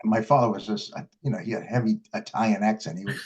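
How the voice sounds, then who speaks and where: A man's voice: on the low side, fairly even intonation, quick pace. An older man who plays blues harmonica, recalling his early years in a casual interview, rambling through stories with frequent restarts and fillers. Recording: dull lo-fi recording.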